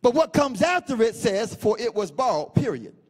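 High-pitched man preaching in chanting bursts. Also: sing-song, moderate pace, slightly rough, in a large hall. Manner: preaching with chanted, sing-song cadences and shouts; repeats phrases for emphasis. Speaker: pastor. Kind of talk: sermon.

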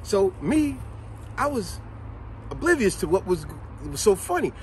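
Animated man telling a lively story. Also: high-pitched, measured pace, a little hiss or hum. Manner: lively, acts out quotes, laughs at himself.

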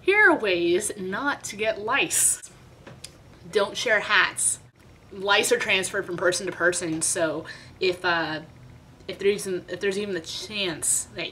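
A woman's voice: lowish voice, sharp tone, slight background noise, rough recording. A young woman vlogger telling a story in a chatty, dramatic, self-mocking way. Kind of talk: casual storytime vlog.

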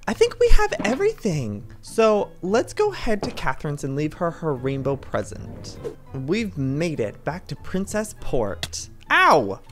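Lively, theatrical man gaming. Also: medium pitch. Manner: theatrical, gasps often, sneaky stage whispers. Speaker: gaming video host. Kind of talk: playful let's-play commentary.

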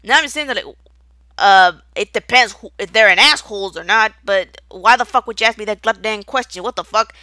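A woman's voice: medium pitch, a little fast, pushed and bright, no room sound. A young woman in an unscripted rant, angry and profane, rambling with stutters and restarts. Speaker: video creator.

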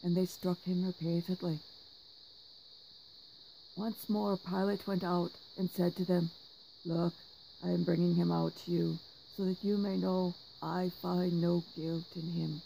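A man giving a measured liturgical reading of scripture, slowing and leaning harder into the quoted cries. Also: high voice, flat delivery, creaky, mellow, a little hiss or hum, poor audio. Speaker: scripture reader.

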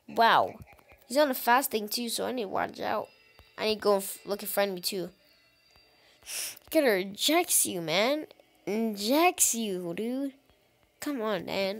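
A woman with a medium-pitched voice hosts a gaming channel, giving excitable let's-play commentary. She talks straight to her viewers and exclaims often.

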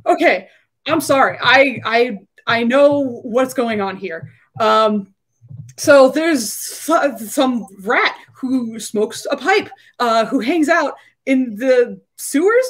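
A frightened, remorseful man just freed from control, played by a woman running the game. He stammers and apologizes in a raised, louder voice above her usual tone, urgent and shaken. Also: fairly high pitch, slow pace, long pauses. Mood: panicked.

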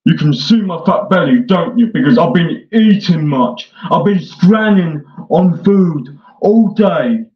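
A man delivering a mocking parody rant in a sarcastic, taunting way, swinging between whiny and gruff. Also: a little high, expressive, unhurried. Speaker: online troll. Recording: echoey dull lo-fi room.

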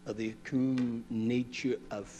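A man's voice: mid-range voice, flat delivery, slow pace, dark tone, a little hiss or hum. A man preaching a conversational sermon in a plain-spoken, blunt way.

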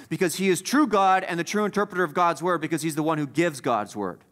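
Pastor, male, higher-pitched voice, emphatic sermon delivery, repeats phrases for stress, drops into quiet asides. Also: lively intonation, fast talker, hardly any pauses. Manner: swings between loud stresses and quiet asides.

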